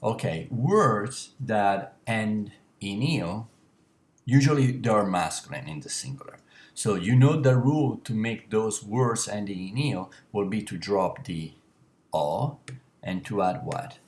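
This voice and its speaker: A man teaching a language class, explaining slowly with many pauses and self-corrections. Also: lowish voice, animated, a little mellow. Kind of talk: classroom lecture.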